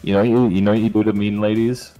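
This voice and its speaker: A man's voice: on the low side, level tone, fast, muffled recording, faint music behind. A man chatting on a stream call, teasing his friend in mock outrage. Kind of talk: casual teasing chat.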